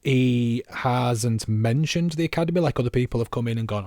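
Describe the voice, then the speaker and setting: A man's voice: mid-range voice, normal speed, few pauses, a little mellow, no room sound, studio quality. A man co-hosting a football podcast, chatting casually and rambling with self-mocking asides. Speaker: podcast co-host.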